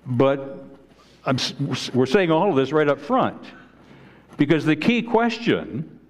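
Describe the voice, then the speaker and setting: A man preaching a sermon as pastor in a church, earnest and halting, often restarting and repeating words. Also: a little high, very animated, dull audio. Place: church sanctuary.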